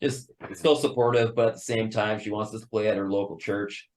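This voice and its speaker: A man who plays in a metal band, a guest in a casual podcast interview, talking in an excitable, profane way and laughing often. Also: lowish voice, fairly quick.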